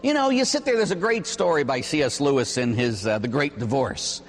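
A man, a Catholic priest, preaching a sermon with animated, emphatic storytelling. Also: a little high, fairly quick, in a large hall.

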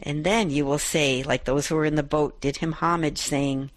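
A middle-aged woman with a low-pitched voice and fairly even intonation speaks at normal speed. As host of a Catholic radio show, she reflects devotionally on a gospel passage and rereads its verses aloud, recorded dry.

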